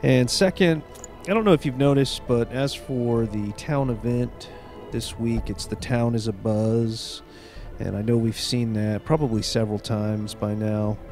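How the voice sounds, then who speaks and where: A man hosting a let's play video, stuffed up from a cold, talking in a relaxed, chatty way with plenty of fillers. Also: mid-range voice, a little slow, faint music behind. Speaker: gaming video host.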